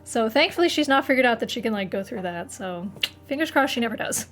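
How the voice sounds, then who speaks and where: A woman's voice: a little high, lively intonation, fast talker, a bit bright. A young woman streamer chatting casually to her live audience, rambling, swearing freely and laughing often.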